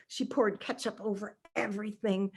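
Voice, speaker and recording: A woman reading a children's book aloud, expressive and animated as she speaks to young listeners. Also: mid-range voice, normal speed, slightly rough. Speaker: storybook reader.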